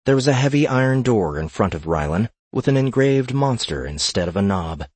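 A man reading a fantasy gaming story aloud in a steady narrating voice. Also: mid-range voice, fairly quick, slightly rough, no echo.

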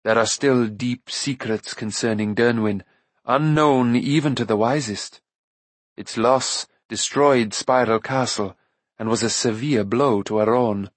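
A man voicing a calm, noble warrior prince who speaks in a measured, dignified way in an audiobook. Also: medium pitch, dry recording, natural voice. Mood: grave.

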